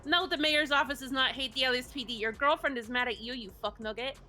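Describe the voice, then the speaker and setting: Woman, bright, high-pitched, blunt scolder, swears a lot, roleplay phone call, faint music behind. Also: fast talker. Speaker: roleplay character from the mayor's office.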